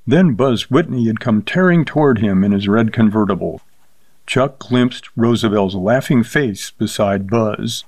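A man reading a short story aloud with steady, measured narration. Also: lowish voice, no room sound.

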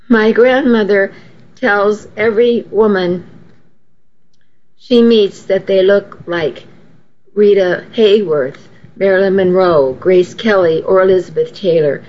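A woman narrating a first-person story as an audiobook reading, slow and measured. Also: medium pitch, darkish tone. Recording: dull, faintly noisy recording.

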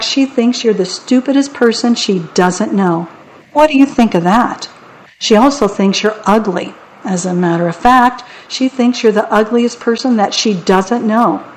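A woman narrating a children's audiobook in a wry, deadpan way. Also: mid-range voice, moderate pace, slight background noise, rough recording.

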